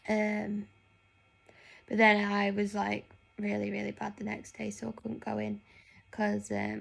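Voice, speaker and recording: A woman's voice: mid-range voice, monotone, measured pace, vocal fry, pauses often, slightly rough. A young woman chatting casually in a vlog, rambling with lots of fillers. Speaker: nurse.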